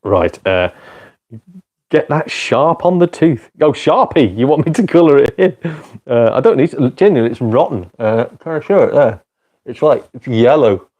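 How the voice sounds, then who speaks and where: A man's voice: medium pitch, expressive, normal speed, mellow. A British man hosting a casual gaming live stream, rambling and joking with heavy swearing. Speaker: retro games streamer.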